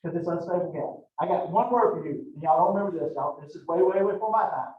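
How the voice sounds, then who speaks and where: A man's voice: fairly high pitch, fast talker. A man giving a college classroom lecture in a rambling, conversational way, drifting into stories. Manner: rambling, conversational, digressive storytelling. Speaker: college anatomy instructor. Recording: roomy, distant, dull lo-fi classroom recording.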